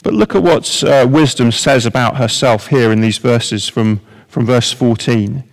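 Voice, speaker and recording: A male preacher speaking in a middle-pitched voice to a congregation, posing wry rhetorical questions in an easy, conversational tone. His voice carries a long reverb from a large church hall. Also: a little slow. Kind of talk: sermon.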